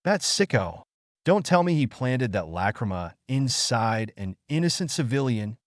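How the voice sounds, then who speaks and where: A man's voice: mid-range voice, very animated, moderate pace, no room sound, studio quality, lightly acted. A man voicing a brash, hot-tempered young male ninja in a fan story reading, with angry outbursts.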